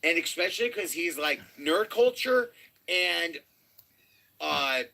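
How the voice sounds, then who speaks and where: A man's voice: on the high side, measured pace, vocal fry, sharp tone. A man casually chatting on a comics livestream, rambling through stories and talking to his cat. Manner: rambling, talks baby-talk to his cat. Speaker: podcast co-host.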